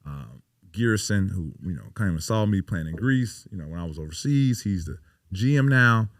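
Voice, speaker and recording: A man in his thirties who plays pro basketball tells stories on a podcast in a low, expressive voice at a moderate pace. He's casual and emphatic, swearing often and saying "you know" a lot; the sound is clean studio audio with no echo.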